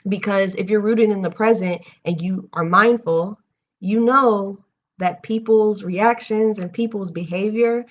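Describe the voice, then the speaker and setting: A young woman hosting a live reading stream, reading a book aloud and breaking off into candid, animated personal asides. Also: medium pitch, muffled recording. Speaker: host reading books aloud on a livestream. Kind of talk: reading aloud and casual chat.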